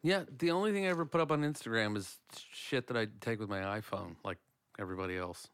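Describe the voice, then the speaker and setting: A man's voice: mid-range voice, fast talker, a bit bright, clear, resonant tone, dry recording. A man co-hosting a podcast in casual chat, joking around and blurting out goofy non sequiturs. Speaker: podcast co-host.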